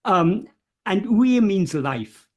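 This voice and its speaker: A speaker giving a careful, word-by-word explanation, pausing often with fillers and gently repeating key terms. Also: mid-range voice, sing-song. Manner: hesitant, many pauses and fillers, gentle repetition of terms. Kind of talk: slow, careful explanatory talk.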